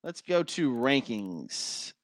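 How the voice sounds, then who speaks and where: A man hosting a solo sports talk show, energetic and chatty, laughing at his own takes. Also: medium pitch, slow pace, no echo.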